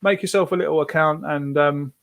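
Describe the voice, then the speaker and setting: Exasperated football fan host. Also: male voice, fairly high pitch, a little fast, creaky. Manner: exasperated, reads viewer comments aloud. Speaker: podcast host streaming a match watch-along. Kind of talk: live casual match reaction.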